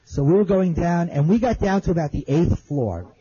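A man's voice: a little high, expressive, moderate pace, warm tone, slightly rough, highs cut off. A man telling an audience his survival story in plain, earnest words, repeating phrases as he remembers. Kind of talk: spoken testimony to an audience.

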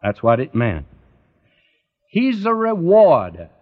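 A man's voice: on the high side, huge pitch swings, takes it slowly. A man preaching a Bible sermon in an earnest, pleading way, often swelling into emphatic rises. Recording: dull lo-fi radio recording.

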